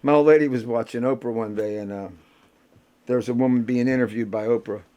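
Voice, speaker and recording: An older man, a rock musician bantering with the audience between songs and telling stories in a salty, rough-edged way. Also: mid-range voice, fairly even intonation, fairly quick, dark tone, muffled recording. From Pittsburgh. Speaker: rock musician performing a solo show.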